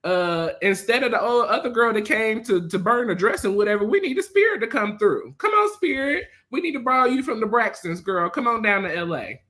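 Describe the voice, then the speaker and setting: A woman co-hosting a casual podcast, opinionated and quick to agree with her partner. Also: medium pitch, lively intonation, a bit bright. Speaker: podcast co-host. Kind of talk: casual chat.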